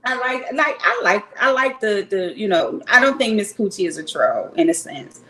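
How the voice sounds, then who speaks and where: A woman with a mid-range, slightly bright voice and lively intonation speaks at a moderate pace, with slight background noise and low-quality recording. She's streaming from her Cleveland home on a home rig, casually and frankly chatting, rambling, and occasionally swearing to her live viewers.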